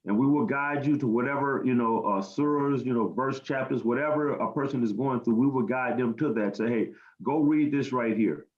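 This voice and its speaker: A man's voice: medium pitch, brisk, hardly any pauses. An American man answers interview questions in an earnest, plain-spoken way, repeating words as he gathers his thoughts. His voice sits in a roomy space, and the recording sounds dull and lo-fi. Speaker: guest speaker.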